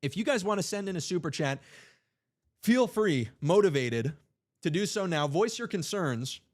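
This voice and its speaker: A man's voice: high-pitched, lively intonation, moderate pace. Emphatic young male livestream host. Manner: emphatic, rhetorical, slips into playful asides. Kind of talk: political commentary livestream.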